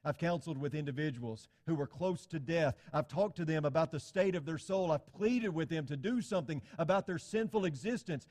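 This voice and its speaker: A man preaching a sermon in an earnest, pleading way, often dropping to a soft, quiet emphasis. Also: a little high, long reverb tail.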